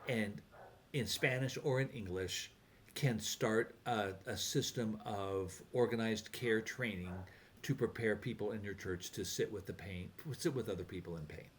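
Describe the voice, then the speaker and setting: A man speaking as a podcast guest and author, explaining his work in a measured way. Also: fairly low pitch, a little hiss or hum. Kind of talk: interview talk.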